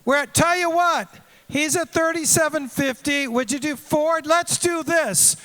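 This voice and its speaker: A man with a very high, bright, cutting voice runs a live charity auction. He rattles off bid numbers in a fast repeating chant, heard through a stage mic across a big banquet room. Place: large event hall.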